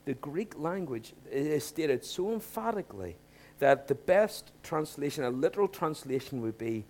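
A man preaching a sermon in a conversational way, asking rhetorical questions and swinging from quiet asides to emphatic points. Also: on the high side, very animated, moderate pace.

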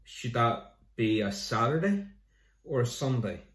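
A man's voice: mid-range voice, lively intonation, a little slow, recorded from a distance. A man, a pastor giving an online sermon in a conversational way, with jokes and scripture readings. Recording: roomy echo.

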